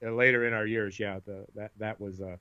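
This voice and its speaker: Middle-aged male podcast co-host, lively storyteller, bright tense tone, muffled lo-fi sound. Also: lowish voice, a little fast, clean tone. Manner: animated storyteller, acts out voices. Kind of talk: casual chat. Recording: dull lo-fi sound.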